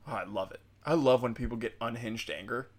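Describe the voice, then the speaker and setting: A man tears through a casual political rant full of profanity and biting sarcasm. His voice sits at an everyday middle pitch, and he talks like he is venting to friends rather than reading a script. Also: a little fast. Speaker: commentator.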